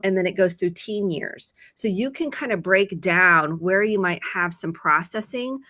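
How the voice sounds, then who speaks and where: A woman's voice: medium pitch, measured pace, sharp tone, no echo. A woman therapist with a Midwestern American accent, explaining mental health in an earnest, casual chat full of examples.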